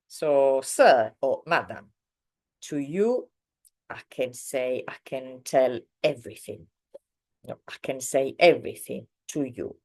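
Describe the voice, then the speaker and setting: Low-voiced woman teaching language. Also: expressive, a little mellow. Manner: explains slowly with many fillers, acts out example sentences. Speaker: Italian teacher. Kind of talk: online language lesson.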